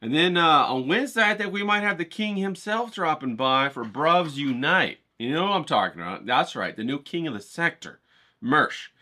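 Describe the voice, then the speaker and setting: A middle-aged man, his voice a little high and sharp with lively intonation at a moderate pace, vlogs outside on a cold day. Hyped and rambling, he swears casually and chats directly with his viewers.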